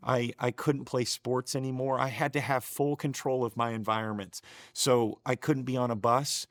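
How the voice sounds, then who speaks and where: A man's voice: medium pitch, steady tone, moderate pace, fairly bright tone, dry recording, studio quality. A middle-aged man telling his personal faith testimony in an earnest, emotional way, often getting choked up and restarting his sentences. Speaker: show co-host sharing his testimony.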